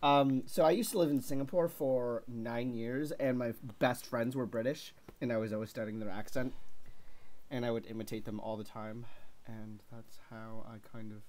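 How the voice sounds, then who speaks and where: A man's voice: medium pitch, fairly even intonation, normal speed, darkish tone. A man from the United States chatting casually on a live stream, playful and jokey. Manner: playful, jokey, does put-on accents. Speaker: co-host.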